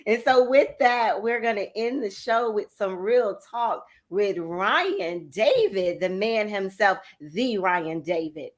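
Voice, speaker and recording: A woman hosting a talk show, chatting in a lively, expressive way. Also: mid-range voice, takes it slowly, few pauses.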